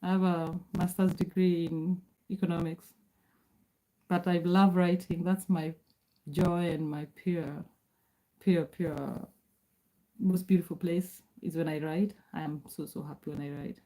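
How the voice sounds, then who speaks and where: Kenyan-born woman in her forties, calm measured livestream host, mellow dark voice. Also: lowish voice, poor audio. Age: 40s. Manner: reads out viewer names and answers chat. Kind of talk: casual livestream chat.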